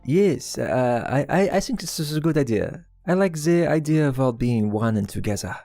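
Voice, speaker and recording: A man's voice: mid-range voice, expressive, moderate pace, vocal fry, mellow, no echo, soft background music. Man playing a French crook, bad fake accent, broken English, dry close mic. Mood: flattering. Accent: put-on French, deliberately bad. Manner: broken English, hesitant, theatrical. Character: brash male French criminal crew member. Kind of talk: tabletop role-play voice.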